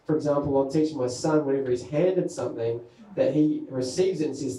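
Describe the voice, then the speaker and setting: A man's voice: medium pitch, fairly quick, dark tone. New man, stand-up set, self-mocking rambling, echoey room, faint background hum. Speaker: stand-up comedian. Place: comedy venue with an audience.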